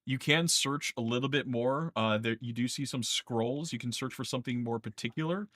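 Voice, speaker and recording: A man's voice: medium pitch, moderate pace, fairly bright tone, no room sound. A man narrating a tabletop game as game master, casual with plenty of fillers. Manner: casual, laughing, lots of uh fillers.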